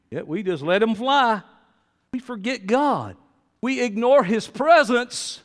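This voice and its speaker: A man preaching a sermon, rambling between quiet musing and emphatic declarations. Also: high-pitched, expressive, normal speed. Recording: long hall reverb.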